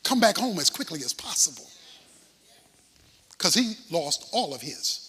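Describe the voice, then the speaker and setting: A man preaching a sermon, dramatic, swinging from shouts to hushed asides. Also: fairly high pitch, sing-song, unhurried, husky, long reverb tail.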